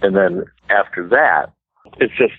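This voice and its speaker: Low husky man on a tinny line. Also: expressive, unhurried, dry recording. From United States. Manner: chatty, self-deprecating, laughs easily. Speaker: guest musician. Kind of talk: casual storytelling interview. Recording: tinny phone-line radio sound.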